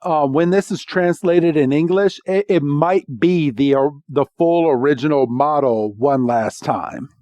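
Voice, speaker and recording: A man co-hosting a podcast and recapping a cartoon episode, telling it with animated storytelling and plenty of voiced quotes. He speaks very slowly, a bit high, in a dry, close sound. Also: no echo. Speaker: podcast co-host.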